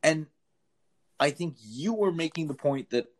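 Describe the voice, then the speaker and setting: A man co-hosting a podcast in casual chat, animated and jokey, laughing often. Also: on the high side, a little slow, slight background noise. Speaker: podcast co-host.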